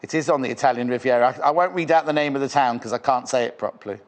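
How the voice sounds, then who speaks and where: A man's voice: mid-range voice, rapid-fire. A man presenting live on a shopping channel in a studio, with chatty, rambling sales patter.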